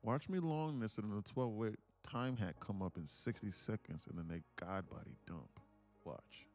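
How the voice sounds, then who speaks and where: A man day trading on a live stream, talking to himself in low mutters and sudden excited bursts, laughing often. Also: normal speed, faint music behind. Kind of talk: casual live-stream commentary.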